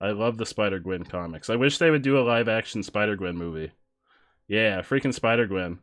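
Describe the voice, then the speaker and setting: A man's voice: lowish voice, a little fast, a bit bright. A male streamer chatting casually with his viewers while playing, joking and laughing often. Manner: joking, laughs often, reads chat aloud. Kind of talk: casual live-stream chat while gaming.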